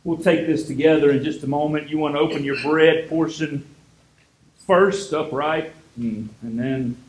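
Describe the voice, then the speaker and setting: A man's voice: a little high, moderate pace, reverberant, slight background noise, rough recording. A man preaching a casual sermon as a pastor, retelling scripture in an easygoing, conversational way.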